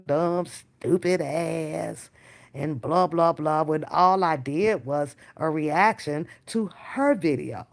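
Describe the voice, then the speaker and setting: A woman hosting a reaction channel, chatting casually with her live viewers, swearing freely and talking in slang. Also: lowish voice. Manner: animated, swearing, slangy, talks to chat directly. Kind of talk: casual live-stream chat.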